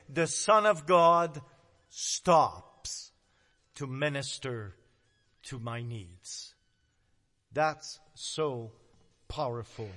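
A man preaching a sermon, dramatic, swinging between loud emphasis and hushed low words. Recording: long hall reverb.

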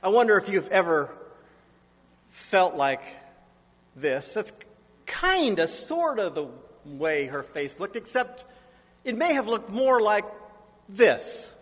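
Pastor, man in his forties, higher voice, preaches with self-deprecating family stories, long church reverb. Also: sing-song, a little slow, fairly bright tone. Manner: anecdotal, self-deprecating storytelling. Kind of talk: sermon. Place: church sanctuary.

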